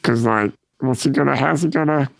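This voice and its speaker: A man with a gravelly, fry-edged voice walks through a film's scenes in order during casual podcast chat, now and then checking his notes. The sound is dry and close. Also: medium pitch, fairly quick, no echo. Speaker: podcast co-host. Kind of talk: casual chat recapping a film.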